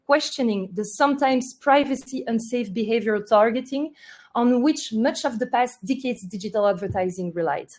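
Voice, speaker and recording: Woman presenting a marketing webinar. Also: fairly high pitch. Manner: steady, list-like delivery. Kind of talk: presenting a webinar, partly read.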